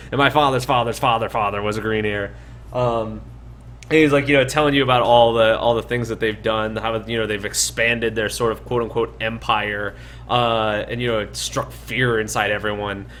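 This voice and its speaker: Fairly low in pitch but bright in tone, a man's voice comes through with a little hiss or hum. As dungeon master, he narrates a tabletop game, rambling with lots of fillers and restarts.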